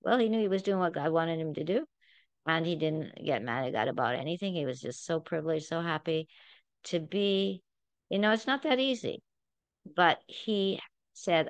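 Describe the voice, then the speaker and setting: Woman Bible study teacher, lowish voice, dry close sound, earnest and emphatic, talks like a casual sermon. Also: normal speed, no room sound. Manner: earnest, emphatic, conversational preaching.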